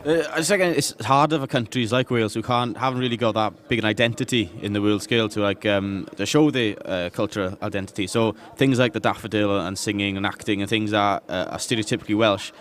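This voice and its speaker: Low, brisk man, earnest, with lots of fillers. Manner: earnest, explains at length with fillers. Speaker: audience member.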